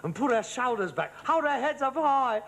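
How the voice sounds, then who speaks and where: A man's voice: very high-pitched, big pitch swings, normal speed, creaky, very noisy, heavily acted. An actor playing an exasperated, pompous socialist son, ranting and stumbling over his words. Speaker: sitcom actor. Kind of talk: studio sitcom acting. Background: studio audience laughter.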